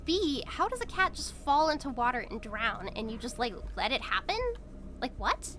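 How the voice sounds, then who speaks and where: A woman's voice: a little high, very animated, normal speed, background noise. A woman streamer chatting casually while she plays, blunt and profane, rambling with lots of fillers. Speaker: VTuber streamer.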